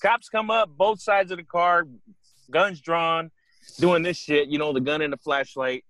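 A young man co-hosting a casual podcast, telling a story in an animated, profane way and acting out the other people's voices. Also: on the high side, measured pace, no echo.

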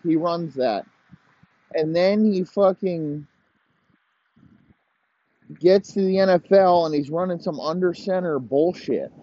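A man's voice: on the high side, slow pace, pauses often, lo-fi sound. A man hosting a podcast, ranting profanely and rambling in heated complaint. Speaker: podcast host. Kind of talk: profane casual rant.

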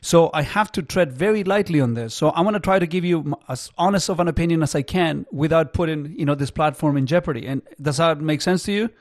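Male radio host, a bit higher voice, dry studio sound, earnest, halting delivery. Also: no room sound. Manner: earnest, halting, many fillers. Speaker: radio talk show host. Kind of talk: call-in talk radio. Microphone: studio microphone.

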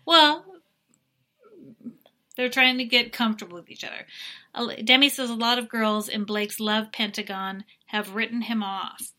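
A woman's voice: on the high side, fairly even intonation, moderate pace, sharp tone. A middle-aged woman co-hosting a podcast, chatting casually and giving opinionated recaps read from her notes. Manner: chatty, opinionated, reads from notes, bursts into dramatic impressions. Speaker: podcast co-host recapping a reality show. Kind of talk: casual chat.

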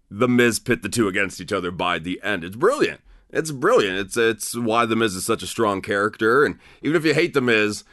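Animated man reviewing wrestling. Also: fairly low pitch, dry recording, studio quality. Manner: animated, opinionated, frequent restarts and fillers. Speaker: podcast host. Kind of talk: casual wrestling commentary.

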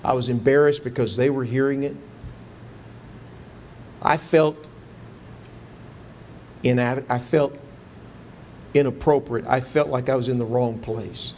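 A man's voice: mid-range voice, fairly even intonation, measured pace, long pauses, a little mellow, slight background noise. A man preaching a sermon, telling a personal story in an earnest way and rising to fervent pleading when he quotes his prayers. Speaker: pastor.

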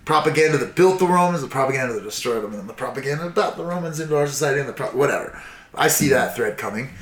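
A man's voice: mid-range voice, lively intonation, racing, fairly bright tone. Tipsy man rambling through history, roomy echo. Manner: profane, rambling, acts out voices. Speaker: storyteller in casual chat. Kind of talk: casual drunken history chat.

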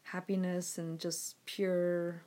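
A woman's voice: on the low side, little pitch movement, slow pace, dark tone. A woman vlogging to her audience on a phone, rambling with many fillers and frequent swearing. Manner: frustrated, swearing, filler-heavy. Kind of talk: casual rambling to camera.

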